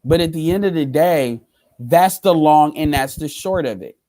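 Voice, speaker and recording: A man's voice: fairly high pitch, animated, normal speed, mellow, dry recording, poor audio. A man hosting a casual livestream, talking bluntly with lots of profanity and repeating his points. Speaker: livestream host.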